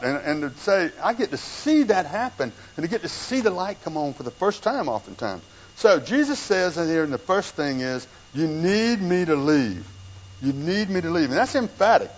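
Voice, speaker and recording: A man's voice: high-pitched, dull audio. A middle-aged man preaching a sermon as a pastor, earnest and conversational, slipping into quoted asides.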